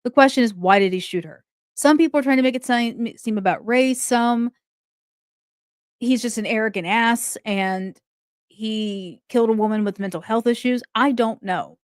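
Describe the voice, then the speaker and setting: A woman's voice: a little high, moderate pace, no room sound, studio quality. A woman hosting a true crime commentary, talking it through in a casual, indignant way. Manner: indignant, conversational, talks things through aloud.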